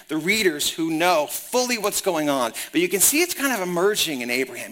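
A man preaching in a lively, conversational way, with a high voice that swings widely in pitch. His tone is bright and forceful as he walks listeners through the story. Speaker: pastor. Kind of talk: sermon.

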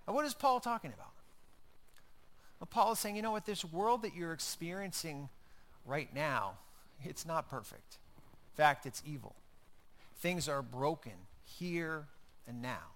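A man delivering a sermon with a high, bright voice. He preaches conversationally and drives his points home with repeated phrases. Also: sing-song, moderate pace. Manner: conversational preaching with emphatic repetition. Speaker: pastor.

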